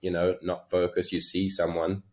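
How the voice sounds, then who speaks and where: A man's voice: deep voice, flat delivery, normal speed, a little mellow. An Australian man, a horse trainer and podcast guest, telling stories in a loose, chuckling way with lots of fillers. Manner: chuckling, loose anecdotal delivery with many fillers. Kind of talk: casual interview storytelling.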